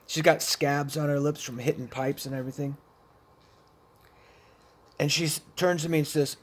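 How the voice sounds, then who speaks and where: A man's voice: a little high, steady tone, moderate pace, pauses often, a bit bright. A man telling a personal story about addiction in a blunt, profane way, with many restarts. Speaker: speaker sharing addiction experiences. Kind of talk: personal storytelling, recovery talk.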